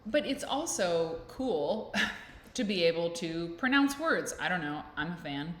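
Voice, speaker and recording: Low-pitched female vlogger, rambling and self-mocking, recorded in a reverberant room. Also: lively intonation, a little slow. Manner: rambling, self-deprecating, playful. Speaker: vlog host. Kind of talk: casual chat to camera. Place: indoors at home with a fan blowing. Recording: echoey room with faint noise.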